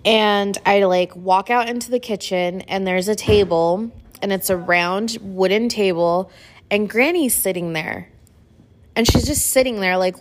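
Chatty woman podcast host. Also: mid-range voice. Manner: chatty, says "like" a lot, emotional retelling. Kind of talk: casual storytelling chat.

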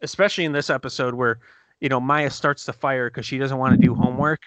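Bright, eager man chatting. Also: mid-range voice, fast, dry recording. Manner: excited, chatty retelling with laughs and restarts. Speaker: podcast co-host reviewing TV episodes. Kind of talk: casual chat.

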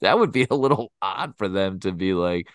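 A low-pitched man in his thirties co-hosts a casual podcast chat, speaking fairly quickly with no room sound. He tells family stories as an animated storyteller, laughing often and swearing.

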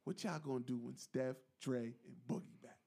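A man's voice: mid-range voice, moderate pace, gravelly, warm tone, husky. A man co-hosting a sports podcast, talking casually and telling what he took away from a game. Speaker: podcast co-host.

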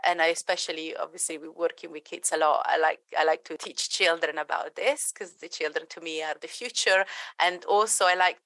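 A woman's voice: sits low, steady tone, fairly quick, fairly bright tone, dry recording. A woman dog trainer answering interview questions earnestly, with frequent restarts. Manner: earnest, many restarts, acts out quoted voices. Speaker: dog trainer and behaviourist guest.

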